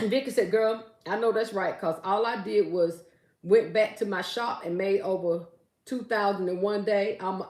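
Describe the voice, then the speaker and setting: A woman hosting a casual live stream from home, chatting with viewers and reading their comments aloud as she talks about her gift basket making. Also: medium pitch. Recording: roomy echo.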